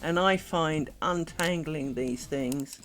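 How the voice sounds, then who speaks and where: Faint music plays behind a woman from England, who has a light London-ish accent, as she chats on a live stream while making lace. She speaks in a low voice at a slow pace, chatty and rambling, muttering to herself as she works.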